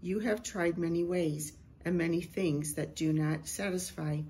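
A middle-aged woman, a Christian prophetic speaker, slowly and reverently reading a prophetic word and sharing a vision. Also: fairly low pitch, fairly even intonation, dark tone, a little hiss or hum.

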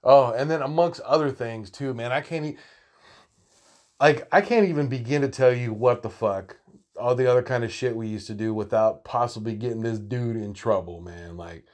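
A man in his thirties with a twang, spinning a loose, profanity-laden tale. He rambles and restarts, swears freely, and breaks into laughter as he goes. He sounds relaxed and talkative. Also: medium pitch, moderate pace. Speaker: storyteller. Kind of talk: casual storytelling monologue.

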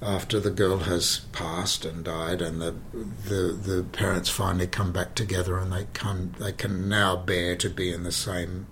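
A man, a stage actor telling theatre anecdotes in an interview, animated and dramatic with deliberate pauses and repeated words. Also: low voice. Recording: faint background noise.

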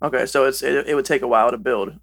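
A woman co-hosting a podcast in casual chat, relaxed, mostly giving short agreeing replies. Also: very deep voice, fast, creaky. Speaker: podcast co-host.

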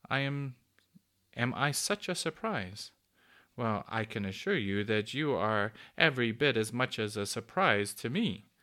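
A man voicing a kindly, lonely old female cuckoo in a storybook, with a soft, cooing, fussy, genteel manner. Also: medium pitch, lively intonation, measured pace. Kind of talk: storybook reading.

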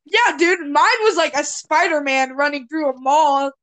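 Teen girl, high voice, teasing, giggly, casual podcast chat. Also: unhurried, a bit bright. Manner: teasing, giggly, steers the topics. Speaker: podcast host. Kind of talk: casual chat among friends.

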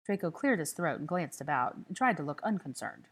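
A woman reading a story aloud as narrator, calm and even. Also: sits low, fairly quick, husky. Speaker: audiobook reader. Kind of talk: scripted narration.

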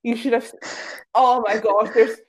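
A woman's voice: fairly high pitch, fairly even intonation, unhurried. A woman guest telling casual, self-mocking anecdotes, full of filler words. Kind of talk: casual storytelling.

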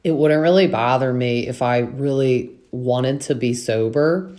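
A talkative podcast host recapping reality TV in loose, casual chat. The voice sits at an ordinary middle pitch. The host sounds frank and opinionated and leans on filler words throughout. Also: measured pace, a little mellow. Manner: chatty and opinionated, with many "like" fillers.

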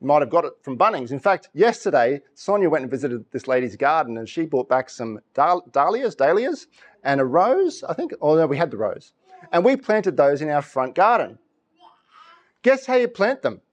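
A middle-aged man in the pulpit tells animated stories, often laughing and acting out voices as he preaches. This pastor's voice is fairly high, delivered at normal speed.

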